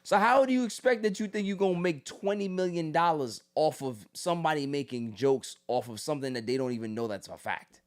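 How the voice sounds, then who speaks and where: A male podcast host in casual ranting commentary, loud and mocking, slipping into quick impressions. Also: on the high side, animated.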